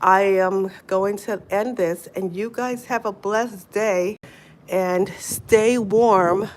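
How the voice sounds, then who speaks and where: A woman's voice: medium pitch, steady tone, slow pace. A middle-aged woman chatting casually on a livestream from outdoors in the snow, laughing often, with wind behind her. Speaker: livestream host. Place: outdoors in snowy weather. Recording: faint wind noise outdoors.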